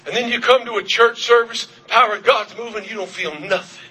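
A man preaching a revival sermon, fervent, repeating his questions and shouting at the peaks. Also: high-pitched, fairly quick, husky. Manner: fervent, shouting at peaks, repetitive calls to the congregation. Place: church service.

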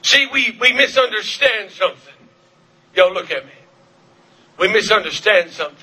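A man preaching a revival sermon, fervent, repeating his questions and shouting at the peaks. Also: high voice, animated, moderate pace, husky. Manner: fervent, shouting at peaks, repetitive calls to the congregation. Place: church service.

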